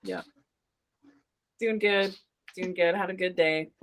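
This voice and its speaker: Slow, laid-back woman co-host. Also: fairly low pitch, fairly even intonation, a little hiss or hum. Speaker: podcast co-host. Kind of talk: casual podcast chat.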